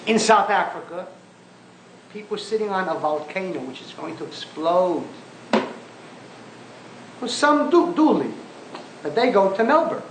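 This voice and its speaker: Brief: high-pitched, impassioned male lecturer, wide swings in pitch, sarcastic edge. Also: expressive, a little slow, pauses often. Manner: emphatic, repeats phrases for force; sarcastic asides. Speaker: lecturer on Jewish thought. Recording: echoey room with faint background noise.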